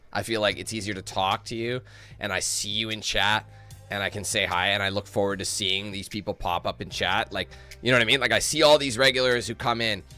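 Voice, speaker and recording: A worn-out man talking straight to his stream audience, loose and rambling, with plenty of swearing. His voice is bright and forceful. Faint music plays under him. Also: fairly low pitch, smooth. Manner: candid, rambling, swears a lot. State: tired. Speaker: YouTube streamer. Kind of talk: casual stream chat to viewers.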